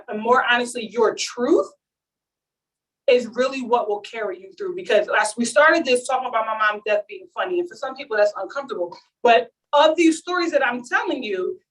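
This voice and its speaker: A woman telling a story to a live audience in an animated, comic way, acting out what each person said. Her voice sits a bit high. She is picked up by a mic some way off at the event. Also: recorded from a distance, rough recording. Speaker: speaker at a launch event.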